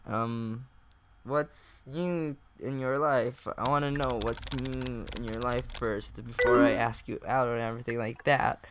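Slow-talking young man narrating a game. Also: medium pitch, steady tone, background noise. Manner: reads chat aloud, swears and laughs often. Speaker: gaming YouTuber. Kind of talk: casual let's-play commentary.

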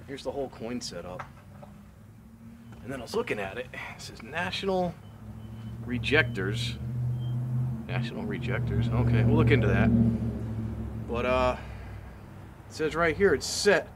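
A man giving a casual running commentary as he works, excitable, exclaiming and thinking aloud into a camera mic held close. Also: mid-range voice. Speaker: vlogger restoring a vending machine. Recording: noisy background hiss.

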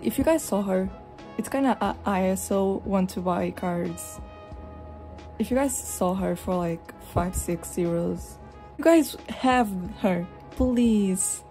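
With a fan running in her hot room at home and a bit of music behind her, a young European vlogger rambles slowly and expressively about her collection. Her voice is mellow, though she keeps leaping into animated, high-pitched retellings during the casual chat.

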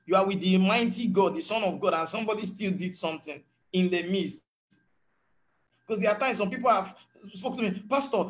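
Male pastor, high-pitched voice, earnest preaching, sermon delivery. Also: a bit bright. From Nigeria. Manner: earnest teaching tone, slips into acted quotes.

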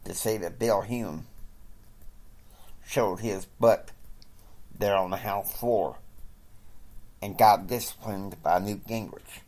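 A man narrates an improvised story at a slow, unhurried pace. He rambles and halts with frequent fillers as he sets up each scene. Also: fairly low pitch, darkish tone. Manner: halting, rambling, with many fillers.

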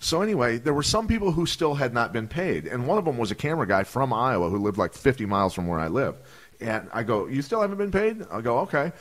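Animated man telling stories. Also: mid-range voice, quick pace. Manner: animated storyteller acting out voices, profane. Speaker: podcast guest, retired fighter. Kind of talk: casual storytelling.

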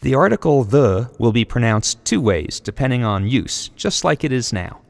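A man's voice: medium pitch, very animated, vocal fry, big-room sound. A man narrating a scripted video essay, carefully sounding out example words one by one. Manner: slow, deliberate word-by-word pronunciation.

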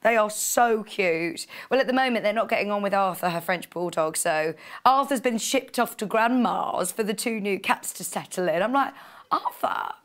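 Woman, TV shopping host in a studio: chatty, gushing, mid-pitched voice. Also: expressive, normal speed. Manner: chatty and gushing, with frequent gasps and laughs. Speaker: shopping channel presenter. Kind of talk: live TV sales presentation.

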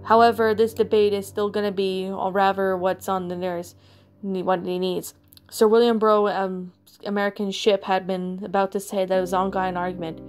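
Woman narrator with a halting, rambling read. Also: medium pitch, level tone. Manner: rambling, repetitive, halting reading with restarts. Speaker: creepypasta narrator and reviewer. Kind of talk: story reading, then casual review. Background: soft background music.

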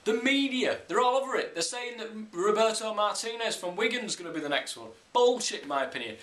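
A man's voice: high-pitched, expressive, brisk, hardly any pauses, a bit bright. Sweary English man ranting about football. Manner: blunt and sweary, opinionated. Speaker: football vlogger. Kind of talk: casual ranting monologue. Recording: echoey room.

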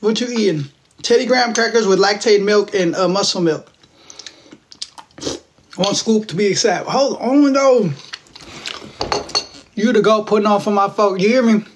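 A man's voice: high-pitched, normal speed, long pauses, slight background noise. A man in his twenties from Texas, hosting a casual livestream from home on his phone, teasing viewers and answering their comments in playful slang. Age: 20s. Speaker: livestream host.

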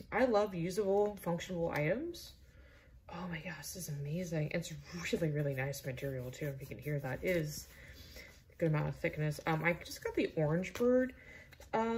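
A young woman vlogging an unboxing in casual chat, gushing and excitable, sometimes dropping to a whisper. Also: on the low side. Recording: roomy echo, faint noise.

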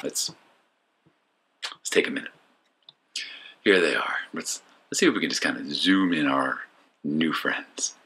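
A man's voice: rumbling low, a little slow, pauses often, bright, forceful tone, husky. A man giving casual voice-over commentary for his disc golf vlog, joking and mocking himself as he rambles with fillers.

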